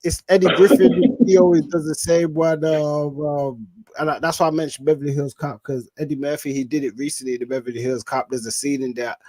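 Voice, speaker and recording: A man from the UK co-hosting a casual chat, reflective and unhurried, trailing off with fillers. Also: on the high side, steady tone, darkish tone. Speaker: podcast co-host.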